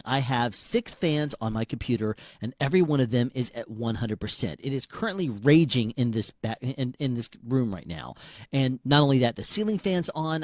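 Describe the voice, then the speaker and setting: A man talking up close into a handheld dynamic mic in a small room at home, his pitch bouncing around as he reviews the gear. The sound is dry, with no roominess around his voice. His delivery is relaxed and conversational, like a hands-on demo. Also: no echo. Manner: conversational, demonstrating into different mics. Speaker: product reviewer. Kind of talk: casual product review demonstration. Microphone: handheld dynamic microphone, close.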